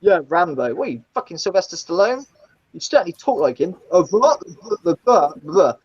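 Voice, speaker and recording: Blunt woman, lively storyteller. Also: on the low side, normal speed, husky, muffled recording. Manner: blunt and swearing, acts out the people in her stories. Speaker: guest, former taxi driver. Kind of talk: casual storytelling in a live chat.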